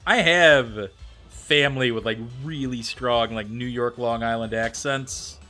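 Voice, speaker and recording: Faint music runs beneath a US man's mid-range voice, pushed and bright, delivered at a measured pace. He's streaming a game live and chatting casually with his audience. Chatty by nature, he thinks aloud and reads and answers viewers' messages.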